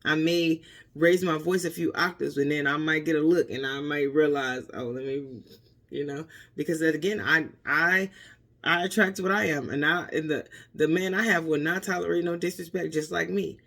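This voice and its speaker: Gravelly-voiced woman giving earnest life advice. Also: low voice, steady tone, normal speed, a bit bright. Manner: earnest, repetitive, peppered with "you know"; emphatic, drives points home with "okay?". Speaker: motivational vlogger. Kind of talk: casual motivational talk.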